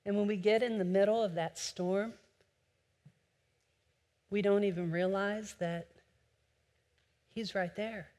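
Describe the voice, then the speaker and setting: A woman preaching a sermon with impassioned delivery, swinging between loud urging and a soft hush. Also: medium pitch, steady tone, unhurried, pauses often. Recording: long hall reverb.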